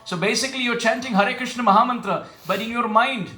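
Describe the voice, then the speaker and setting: High-voiced man preaching in an echoey hall. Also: sharp tone. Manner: questions the audience, chants verses slowly. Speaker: spiritual teacher. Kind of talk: devotional sermon with call and response.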